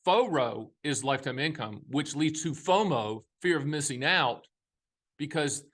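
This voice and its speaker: In a slightly high, unhurried voice, a man in his fifties who advises on annuities and hosts a show gives a casual monologue on retirement money. He's emphatic and folksy with jokey asides, and a Southern US accent shows up occasionally.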